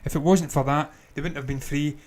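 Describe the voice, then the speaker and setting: A man's voice: on the high side, steady tone, fairly quick, a little mellow. A man co-hosting a casual film review, swearing freely and laughing often as he rambles. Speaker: podcast co-host.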